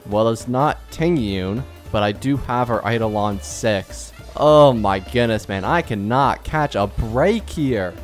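A man's voice: mid-range voice, takes it slowly, hardly any pauses, soft background music. A young man doing casual, self-mocking commentary while pulling on a gacha game, pleading and bargaining with it as he goes. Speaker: gaming YouTuber.

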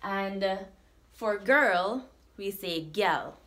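A woman with a Jamaican accent teaching a language lesson, saying words slowly and repeating them for practice. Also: medium pitch, expressive, a bit bright. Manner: slow, repeats words for drilling.

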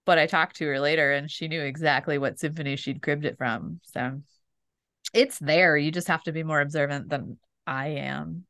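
Podcast co-host: middle-aged woman, low-ish voice, wry and self-mocking, dry booth sound. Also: fairly even intonation, normal speed, fairly bright tone, no room sound. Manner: wry storyteller, self-deprecating. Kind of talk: casual chat.

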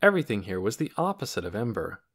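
A man narrating an audiobook chapter in an expressive storytelling manner. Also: fast. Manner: expressive storytelling with lively pitch. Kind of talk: scripted narration.

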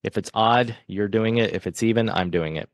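Friendly low-voiced male podcast host. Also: moderate pace, dry recording. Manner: friendly, joking, earnest. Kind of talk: casual chat.

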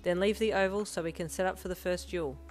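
A weary male teacher in a storybook reading, giving instructions over a loudspeaker, as a woman puts him on. The voice is fairly low. Soft music plays underneath. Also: steady tone, quick pace, close to an everyday voice. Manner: announcing.

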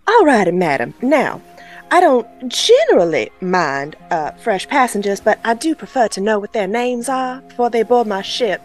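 A woman's voice: a little high, sing-song, moderate pace, faint music behind. A woman voicing a sweet-talking, blunt female ship captain.

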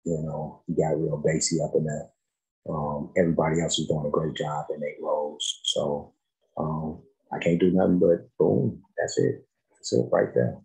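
A man's voice: a bass voice, little pitch movement, normal speed, creaky, darkish tone, poor audio. A man giving laid-back, slangy reaction commentary on a song. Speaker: music reaction host.

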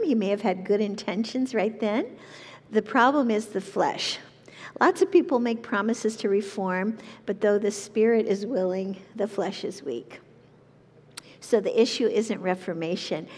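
A woman teaching a Bible lesson, reading scripture and then explaining it in an earnest, measured voice. Her pitch sits in the middle for a woman. A long reverb trails each phrase, as in a hall. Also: a little mellow, slightly rough. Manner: earnest, measured, slows down when reading verses.

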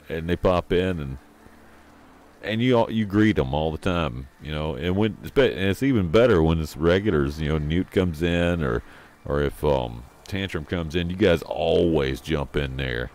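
A man chatting casually on a live game stream, rambling and halting as he thanks his viewers. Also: a bass voice, darkish tone.

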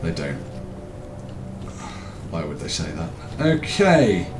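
A man's voice: low voice, very animated, takes it slowly. A man narrating his game in a swearing, self-mocking and jumpy way. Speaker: gaming video host. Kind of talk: let's-play commentary. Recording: roomy, distant mic, loud game noise.

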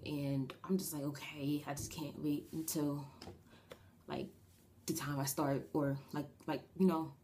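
A woman's voice: low voice, noisy background. A young woman with a New Jersey accent, telling a story in a casual vlog, rambling with lots of fillers and restarts. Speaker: vlogger.

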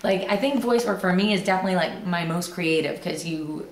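A woman's voice: lowish voice, a little fast, reverberant, slight background noise. A woman voice actor chatting in an interview, with a youthful but not girly voice, laughing easily and talking in loose restarts. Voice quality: young-sounding voice, not girly. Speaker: voice actor guest. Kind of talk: casual interview chat.

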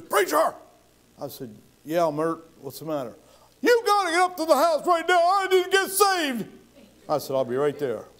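A man's voice: fairly high pitch, darkish tone. A male pastor telling stories in a folksy sermon style, acting out the people he quotes. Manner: folksy, acts out quoted voices with rising intensity. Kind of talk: sermon storytelling.

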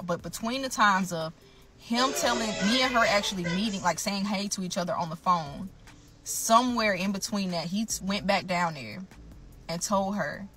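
A woman telling her own story to camera, blunt and emphatic, often calling out to her viewers. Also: medium pitch.

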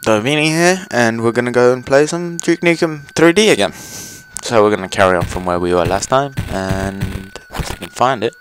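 A man's voice: medium pitch, normal speed, hardly any pauses. A young man chatting casually as he plays a game, rambling with fillers and swearing at enemies. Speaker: gaming channel host. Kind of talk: casual let's play commentary. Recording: noisy home recording.

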